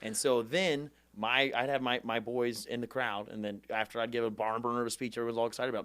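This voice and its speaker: A man's voice: mid-range voice, little pitch movement, quick pace, few pauses, fairly bright tone, no echo. A young man, telling his story as a podcast guest and acting out the voices of the people he quotes. He talks with rally-speech energy and swears freely. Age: 20s. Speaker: guest, former congressman. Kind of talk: animated storytelling interview.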